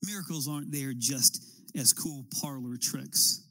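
A man's voice: medium pitch, measured pace, sharp tone, no room sound, low-quality recording. A man preaching a sermon as a pastor, building his points with emphatic, rising appeals.

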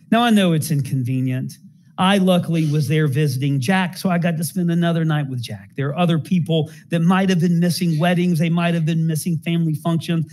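A man preaches a sermon in a fairly high voice. He tells stories as he goes and asks the congregation rhetorical questions. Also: darkish tone. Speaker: pastor.

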